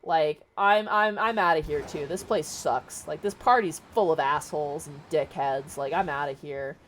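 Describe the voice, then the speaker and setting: A woman's voice: sits low, moderate pace, a little hiss or hum, close to an everyday voice, poor audio. A woman voicing a blunt young heroine who swears freely, in a casual book retelling. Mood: fed up.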